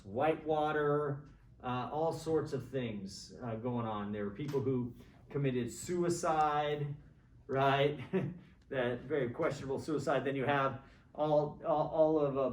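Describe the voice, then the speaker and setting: A man's voice: mid-range voice, a little hiss or hum. Rambling middle-aged man lecturing in echoey classroom. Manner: rambling, opinionated, keeps checking in with "right?". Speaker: college government lecturer. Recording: echoey classroom, mic far from speaker.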